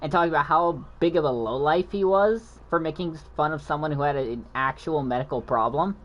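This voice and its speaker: Fairly quick and fairly high-pitched, with a somewhat bright tone, a gaming host mumbles and stutters through casual stories, rambling and restarting as he backtracks to find his thread. The recording sounds muffled.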